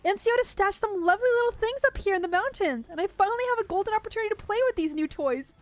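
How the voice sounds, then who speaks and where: A woman's voice: very high voice, expressive, fast, no room sound, soft background music, pitched above the performer's own voice. A woman voicing a gleeful, reckless female artillery commander, reading game dialogue aloud in character and barking orders. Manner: bossy, shouting orders.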